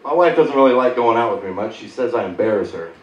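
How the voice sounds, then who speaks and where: A man in his thirties doing a stand-up set on a theater stage, telling animated, sarcastic stories and acting out the people in them. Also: mid-range voice, fast talker, dull audio. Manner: sarcastic, animated storytelling with voiced impressions. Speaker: stand-up comedian. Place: theater stage before a live audience. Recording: roomy theater sound from a distance, loud crowd laughter.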